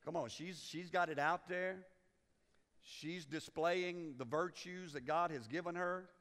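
Pastor guy, high voice, joking with the crowd, echoing church. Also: a little slow, fairly bright tone. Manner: folksy, teasing the congregation, acts out quotes. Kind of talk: sermon. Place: church sanctuary.

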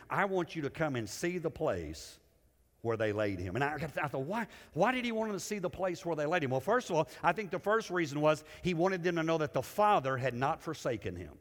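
A male pastor preaching a sermon. He swings between loud, lifted lines and hushed, low ones, and often repeats words as he builds a point. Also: in a large hall.

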